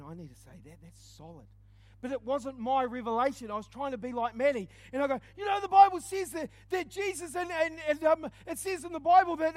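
A man delivers a lively storytelling sermon. His voice sits high for a man. He booms one moment and goes quiet the next. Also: no echo. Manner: animated, swings from loud exclaims to hushed asides. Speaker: preacher.

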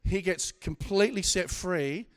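Aussie guy preaching, fairly high voice, gets loud then drops quiet, stumbles and restarts a lot. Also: a little slow. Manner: animated, swings from loud exhortation to quiet asides, stammering restarts. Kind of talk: sermon.

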